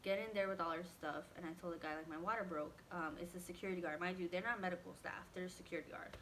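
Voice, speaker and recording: A woman telling a personal story in a casual storytime vlog, animated and acting out what others said, with many "like" fillers. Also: on the low side, fast talker, slight background noise. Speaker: vlogger.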